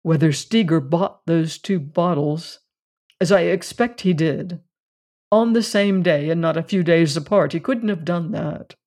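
A narrator voicing a brooding, educated gentleman detective who speaks low and slow, with long pauses, in a storybook reading. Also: lightly acted. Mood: hushed, grave.

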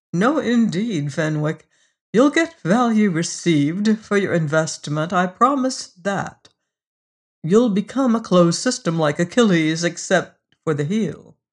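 A fussy male devil haggles over a soul, voiced lightly by a storybook narrator. He sounds hesitant and peevish, and his lines are slow and careful. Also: mid-range voice. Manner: hesitant, then brisk and peevish. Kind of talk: storybook reading.

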